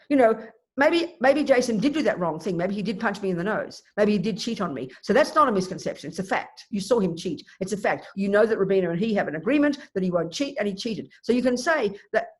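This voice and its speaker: A woman giving a Buddhist dharma teaching, emphatic and animated, thinking aloud with restarts. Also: mid-range voice, fairly quick.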